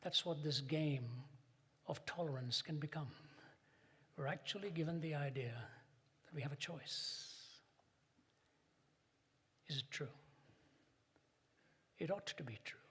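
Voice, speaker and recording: An older man giving a public lecture, an emphatic storyteller who builds to dramatic pauses. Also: fairly high pitch, a bit bright, slightly rough. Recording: long hall reverb.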